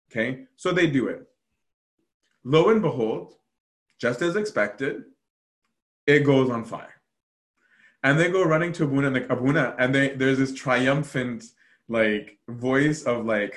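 At a normal speed and in a mid-range voice, a man casually relates monastery stories. It's animated storytelling, thick with fillers, with quoted voices acted out.

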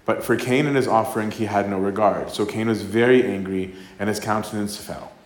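A priest gives a casual, conversational sermon, reading scripture and then talking it through, often ending lines with "right?" and acting out voices. His fairly low voice is brisk with fairly even intonation, in a reverberant space.

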